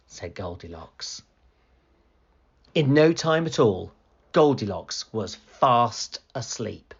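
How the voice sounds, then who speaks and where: A man reading a children's picture book aloud in an animated, expressive storytelling manner. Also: medium pitch, slow, gravelly, pauses often, breathy edge, lo-fi sound.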